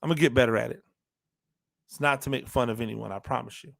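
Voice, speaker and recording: A man's voice: mid-range voice, steady tone, fast talker, gravelly, fairly bright tone. A man hosting a football talk show, talking straight to listeners with emphatic repetition and rhetorical questions. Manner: emphatic, repeats phrases for emphasis; talks to listeners directly, asks rhetorical questions. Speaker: football analyst host. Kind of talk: animated sports talk monologue.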